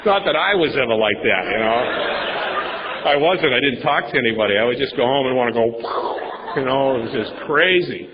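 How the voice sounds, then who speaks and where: A man's voice: medium pitch, expressive, normal speed, in a large hall, crowd noise. Rambling man sharing at a meeting. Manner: rambling, emphatic, repeats words, swears casually. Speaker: speaker at a recovery meeting. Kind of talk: personal recovery share. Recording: dull lo-fi recording.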